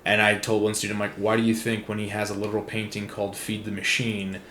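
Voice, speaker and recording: A man's voice: lowish voice, monotone, fast, bright, forceful tone. A man in casual conversation, telling sardonic stories and acting out the voices of people he quotes. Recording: echoey room, faint background noise.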